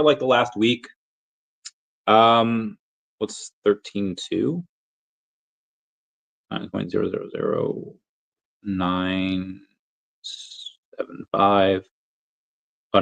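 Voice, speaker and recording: Rambling low-voiced man hosting a livestream. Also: creaky. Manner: rambling, thinks aloud with many fillers. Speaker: crypto livestream host. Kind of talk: casual livestream chat reading super chats.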